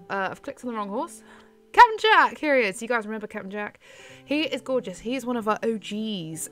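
Chatty woman gaming host, lively pitch. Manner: chatty, giggly, talks to viewers. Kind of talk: casual game commentary.

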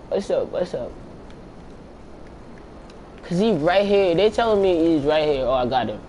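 A man's voice: on the high side, expressive, measured pace, pauses often, warm tone, highs cut off, slight background noise. A young man giving casual, slangy, profane commentary as he plays a video game, talking to himself between moves. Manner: slangy, profane, talks to himself while playing. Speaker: gameplay commentator.

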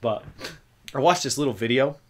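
A young man hosting a casual film podcast, rambling and animated, breaking into loud acted-out quotes. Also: medium pitch, normal speed, slight background noise. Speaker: podcast host. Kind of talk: casual chat about films.

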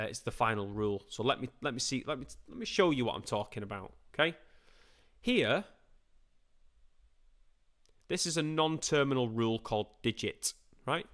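Chatty man teaching a revision class. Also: medium pitch. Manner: chatty and informal, asks and answers his own questions; lively, playful put-on voices and quick asides. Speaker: computer science teacher. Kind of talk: live-streamed exam revision lesson.

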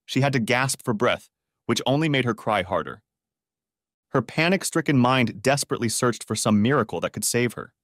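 A man reads a dramatic story aloud with a lively, rising-and-falling delivery. The recording is close and dry, with no room sound. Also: medium pitch, normal speed, no room sound. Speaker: audiobook narrator. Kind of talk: scripted narration.

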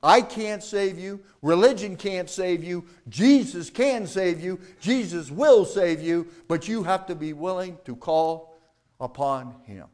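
A male pastor preaching a sermon, calling for replies from the congregation and swinging between loud emphatic lines and quiet low ones. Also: unhurried.

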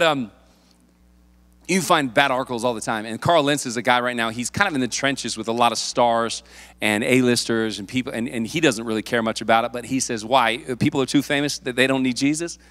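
A male pastor preaching a sermon, lively and playful, acting out the people in the story. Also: medium pitch. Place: church sanctuary. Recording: long hall reverb.

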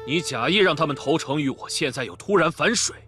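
Bright-voiced self-righteous alliance leader. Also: male voice, on the high side, expressive, fast talker. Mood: accusing. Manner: rousing, accusatory speechmaking. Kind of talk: period wuxia drama dialogue. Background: drama score music.

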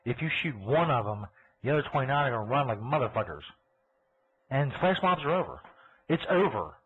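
A man's voice: medium pitch, very animated, fairly quick, slight background noise. A man hosting a live podcast, ranting crudely and sarcastically. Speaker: podcast host. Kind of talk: profane live podcast rant. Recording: tinny phone-like audio.

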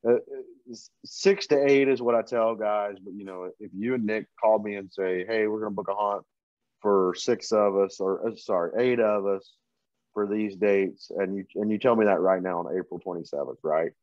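A man with a low voice talks shop about guiding hunts, relaxed and plain-spoken, stopping often on fillers. The recording is dry and a little dull, like a close podcast mic in a small room. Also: normal speed, no room sound. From Kansas. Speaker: outfitter and hunting guide. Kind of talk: casual podcast chat.

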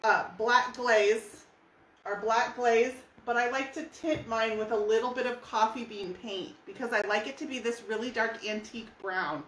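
A woman's voice: a little high, brisk, hardly any pauses, fairly bright tone, far from the mic, slight background noise. A woman from California, teaching furniture painting live, explaining each step in a chatty, friendly way. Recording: echoey room.

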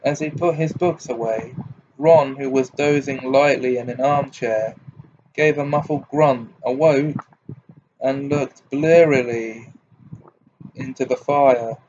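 A man reads a novel aloud in a steady, plain narrating voice at a middling pitch. The recording is a little dull, with a faint hiss. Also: slow. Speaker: audiobook reader.

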